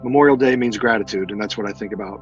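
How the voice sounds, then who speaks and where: A veteran man in a casual interview, speaking earnestly and haltingly with many fillers and repeated words. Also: lowish voice, muffled recording, soft background music. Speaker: military veteran guest.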